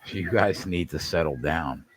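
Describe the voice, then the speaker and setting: A man's voice: sits low, measured pace, slight background noise. A man co-hosting a live betting stream, answering with dry, laid-back remarks. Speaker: co-host. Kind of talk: casual betting chat.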